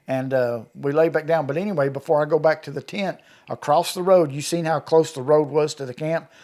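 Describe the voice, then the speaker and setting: A man's voice: on the high side, a little fast, darkish tone. A middle-aged man, telling a story in a folksy, rural way and acting out what people said. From Kentucky. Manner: folksy rural storyteller, acts out quoted dialogue. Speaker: eyewitness guest. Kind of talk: storytelling interview.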